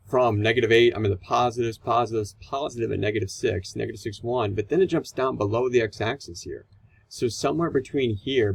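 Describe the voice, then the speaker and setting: Gravelly-voiced man teaching a math lesson. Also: fairly low pitch, poor audio. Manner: casual, conversational explaining with fillers.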